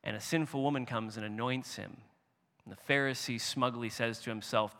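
A man preaching a sermon as pastor, expressive, rising and animated when he voices quoted speech. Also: on the low side, normal speed. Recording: long reverb of a hall.

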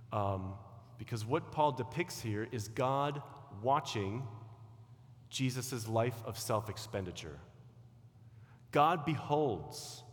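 Animated male preacher in a reverberant hall. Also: lowish voice. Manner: animated, sweeping from loud emphasis to quiet asides. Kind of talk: sermon.

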